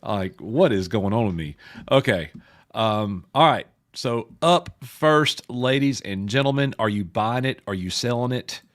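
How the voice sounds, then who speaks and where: A man co-hosting a casual pop culture live stream, joking with chat, his voice a bit gruff and hoarse. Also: medium pitch, lively intonation, a little slow. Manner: joking, addresses chat viewers by name. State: sounds slightly sick.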